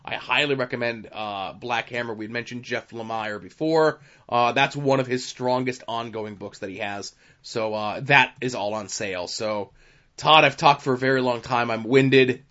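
A man's voice: mid-range voice, moderate pace, sharp tone. A man co-hosting a podcast, chatting casually and rambling through a list with many fillers. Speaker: podcast co-host. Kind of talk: casual chat. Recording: dull lo-fi podcast audio.

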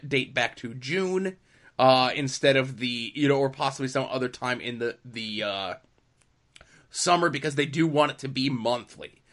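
A man's voice: medium pitch, a bit bright. A young man co-hosting a casual comics podcast, chatting wryly and running through news. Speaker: podcast co-host. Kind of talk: casual chat.

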